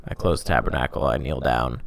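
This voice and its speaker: A young man with a deep voice and a gravelly, fry-laden edge tells a long story in casual podcast chat. He rambles, peppers every sentence with "like", and now and then pokes fun at himself. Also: fairly even intonation, fairly quick. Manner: rambling, heavy use of "like", self-mocking. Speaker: podcast host telling his faith story.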